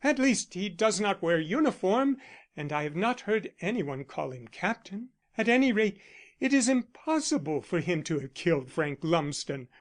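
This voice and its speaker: A man's voice: sits high, sing-song, normal speed. A man reading the part of a composed young woman who speaks firmly, in an audiobook. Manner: firm, matter-of-fact.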